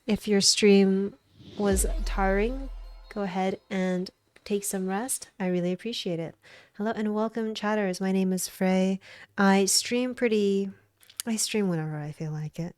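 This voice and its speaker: A woman's voice: mid-range voice, fairly even intonation, moderate pace, darkish tone, smooth, dry recording, studio quality. A woman streamer chatting casually with her viewers, talkative and often giggling. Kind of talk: casual livestream chat.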